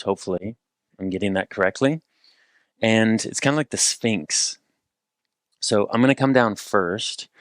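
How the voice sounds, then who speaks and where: A man leading a guided movement and rehab exercise session, cueing each step calmly with playful asides. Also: lowish voice, no echo, studio quality.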